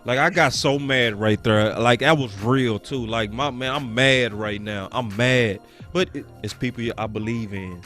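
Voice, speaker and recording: A man's voice: mid-range voice, measured pace, hardly any pauses, fairly bright tone, faint music behind. A man hosting a casual sports talk stream who speaks in slangy, emphatic repeated phrases. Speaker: sports talk show host.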